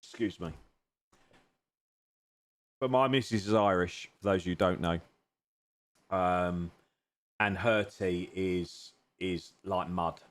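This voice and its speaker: A man's voice: deep voice, slow, long pauses. Chatty man bantering with his stream. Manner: jokey, teasing banter, grateful to chat. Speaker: sim racing streamer. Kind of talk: live-stream chat with viewers while racing. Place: home sim racing rig.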